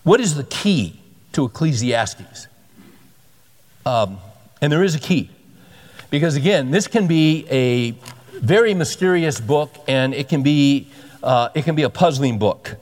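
A man's voice: fairly high pitch, lively intonation, measured pace, long pauses, darkish tone. A man preaching a sermon as a pastor, conversational and emphatic, often repeating himself for stress. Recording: long hall reverb.

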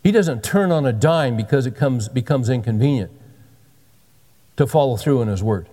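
A man's voice: medium pitch, animated, moderate pace, mellow, in a large hall. A pastor in his sixties giving a sermon with folksy, joking asides. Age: 60s.

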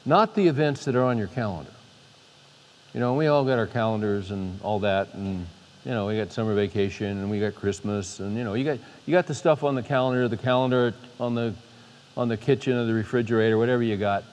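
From the podium of a large hall, a man with a fairly low, darkish voice delivers an unscripted sermon, speaking fairly quickly. The informal preaching has many restarts and rises to emphatic peaks, echoing with long reverb.

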